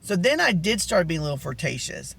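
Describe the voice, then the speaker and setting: A man with a soft, feminine-sounding voice telling a rambling story in a casual vlog chat. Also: high voice, brisk, gravelly, slightly rough. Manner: rambling, animated storytelling with many asides. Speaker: vlogger.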